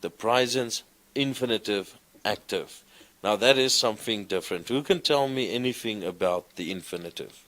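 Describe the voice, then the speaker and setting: A man's voice: fairly low pitch, moderate pace, fairly bright tone. A man teaching a classroom lesson, speaking in an encouraging way and often asking his students questions. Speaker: Greek teacher. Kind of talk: classroom lecture.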